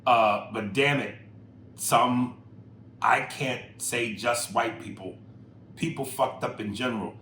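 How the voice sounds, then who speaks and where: A man co-hosting a casual podcast, reading listener emails and riffing on them in a profane, animated way that jumps loud and high when he makes a point. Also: slow pace. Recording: roomy echo with faint noise.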